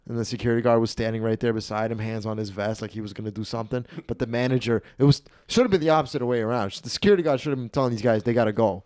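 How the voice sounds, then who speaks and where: A man hosting a comedy podcast, telling a story in an animated, profane way and acting out the people in it. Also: medium pitch, racing, few pauses, no room sound, clean studio sound. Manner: animated, profane, acts out the people in his stories. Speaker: podcast host.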